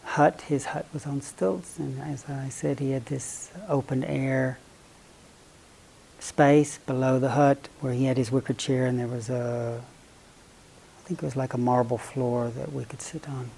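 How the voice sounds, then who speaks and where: A man giving a Buddhist dharma talk, telling a story in a playful, animated way and sometimes dropping almost to a whisper. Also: mid-range voice, a little slow, vocal fry, a little hiss or hum, rough recording. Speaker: Buddhist meditation teacher.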